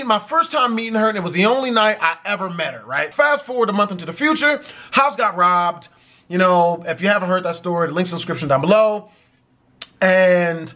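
A man telling a dramatic personal story in an animated, profanity-heavy way. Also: sits high. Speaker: vlogger. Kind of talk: storytime vlog.

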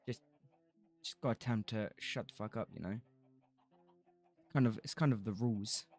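A man's voice: fairly low pitch, normal speed, darkish tone, faint music behind. A man streaming a building game, rambling casually, swearing freely and laughing often. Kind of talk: casual livestream commentary while gaming.

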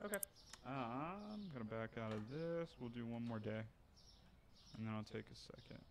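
Gravelly, lively man narrating gameplay. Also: mid-range voice, moderate pace, slight background noise. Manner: animated, self-narrating with mock outrage. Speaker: gaming streamer. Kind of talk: casual gameplay commentary.

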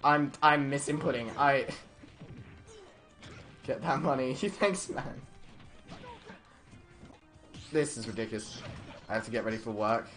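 A young man giving excited, stammering live commentary on his game stream, laughing often. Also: mid-range voice, a little slow, long pauses, soft background music.

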